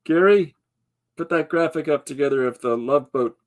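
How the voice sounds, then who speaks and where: A man's voice: fairly high pitch, moderate pace. A man hosting a podcast, chatting loosely, joking and laughing often. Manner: jokey, laughs often, breaks into impressions. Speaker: podcast host. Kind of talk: rambling casual chat.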